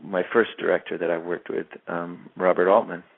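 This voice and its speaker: A man in his fifties tells a long story in an interview, his voice very low and gravelly. He restarts and repeats words often as he searches for the phrase. The sound is thin and narrow, like a phone line. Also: flat delivery, normal speed. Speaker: actor being interviewed.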